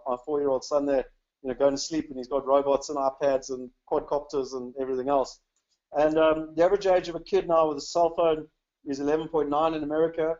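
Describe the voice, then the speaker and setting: A man's voice: a little high, a little mellow. Upbeat South African man, lo-fi webinar. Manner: chatty and upbeat, many "you know" fillers. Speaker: webinar presenter. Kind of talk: casual webinar talk.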